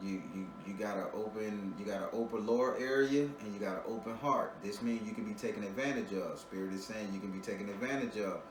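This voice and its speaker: Soft background music plays as a man with a lowish voice talks fast, barely pausing, during a spiritual reading for a client. His style is casual and joking, blunt and profane, with frequent laughter and repeated words on restarts. The sound is roomy, from a distant mic with ambient noise.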